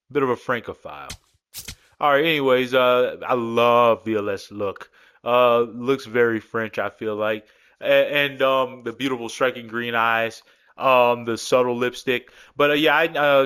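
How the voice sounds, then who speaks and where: A relaxed man chatting casually over gameplay as a video game creator. His voice is smooth and clean, pitched in an ordinary middle range, and he rambles along spontaneously, often poking fun at himself. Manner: laid-back, rambling, self-deprecating. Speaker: gaming YouTuber.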